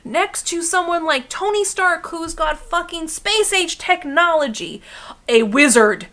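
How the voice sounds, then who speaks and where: Bright, high-voiced woman on a fiery rant. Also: a little slow. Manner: profane, heated, animated, laughs often. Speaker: co-host of an art livestream. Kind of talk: casual livestream rant.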